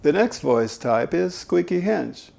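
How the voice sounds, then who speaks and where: Slow, gravelly male voice coach. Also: high-pitched, very animated, a little mellow. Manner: emphatic, demonstrates voice faults. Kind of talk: instructional talk with vocal demonstrations.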